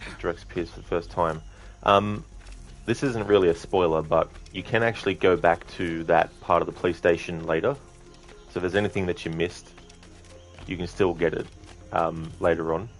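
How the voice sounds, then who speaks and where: A man's voice: sits low, fairly even intonation, moderate pace, faint music behind. A young man streaming a game, chatting casually with viewers in a rambling way, with lots of ums. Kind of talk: casual live-stream gameplay chat.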